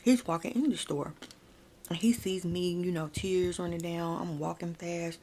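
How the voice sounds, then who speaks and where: A woman's voice: lowish voice, fairly even intonation, moderate pace, darkish tone, slight background noise. A woman chatting through a casual ASMR storytime, talking straight to her viewers and using "like" a lot, close to the mic. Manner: chatty, frequent "like" and "y'all"; addresses viewers directly.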